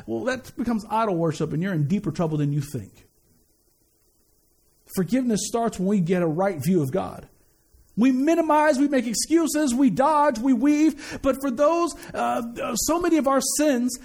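A man preaching a sermon in an animated, conversational way, mixing scripture with slangy asides and quick repetitions. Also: very high-pitched.

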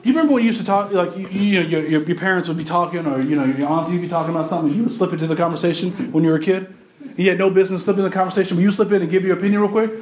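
Pastor, male, high for a man, conversational preacher who keeps questioning the congregation. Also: steady tone, racing, a little mellow, reverberant. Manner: conversational, emphatic preaching with repetitions; addresses the congregation directly with questions. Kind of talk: sermon.

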